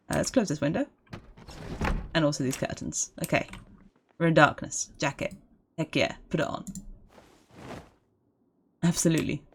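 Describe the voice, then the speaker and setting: A woman streamer giving casual, giggly commentary while playing a game, chatting to the enemies on screen. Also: fairly low pitch. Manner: giggly, chatty, talks to zombies.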